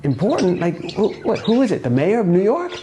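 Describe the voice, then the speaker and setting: A man's voice: high-pitched, huge pitch swings, a little fast, warm tone, a little hiss or hum, pitched above the performer's own voice. A man playing an impatient male police sergeant who fires off questions, in a told joke.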